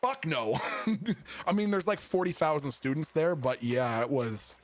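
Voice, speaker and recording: A man's voice: fairly high pitch, animated, unhurried. A young man, a streamer, telling a funny story in a casual, profane, self-mocking way.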